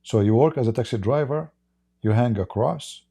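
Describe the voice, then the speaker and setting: A man hosting a livestream and telling a story in rapid, emphatic, non-native English. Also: medium pitch, vocal fry, dark tone, slightly rough. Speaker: livestream host.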